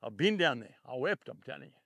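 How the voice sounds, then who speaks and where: Emphatic older preacher, lively pitch. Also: male voice, fairly quick, creaky, no echo, clean studio sound. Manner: emphatic, repeats key phrases, swings between soft and loud. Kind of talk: televised sermon.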